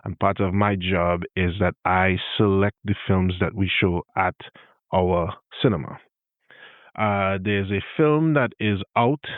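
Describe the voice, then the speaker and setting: Trinidadian man, podcast host teaching speech habits, low voice, good-humored, thin phone-like audio. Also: no room sound. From Trinidad and Tobago. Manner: good-humored, spells out sounds slowly to demonstrate. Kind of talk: explanatory monologue, tutorial. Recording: dry, tinny phone-like sound.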